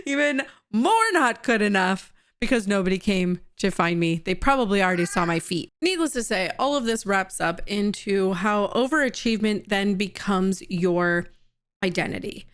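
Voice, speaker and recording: A woman in her thirties, a coaching host, telling personal stories in a candid, conversational way with some laughs. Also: mid-range voice. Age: 30s.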